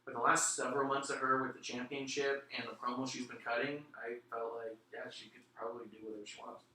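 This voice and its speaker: Male podcast host, sharp bright voice, animated swearing storyteller, echoey room and a mic a bit far off. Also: mid-range voice, fast talker. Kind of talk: casual chat. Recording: roomy room, distant mic, faint noise.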